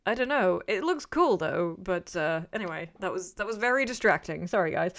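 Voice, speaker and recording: A woman's voice: medium pitch, big pitch swings, moderate pace, fairly bright tone. A woman chatting casually on a livestream, reading chat and rambling off on tangents in a self-deprecating way. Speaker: YouTuber reading live chat.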